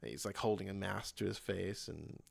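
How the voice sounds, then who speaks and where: A man narrating a tabletop game as game master, in an animated way with lots of fillers. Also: deep voice, normal speed, vocal fry. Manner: animated, laughing, filler-heavy.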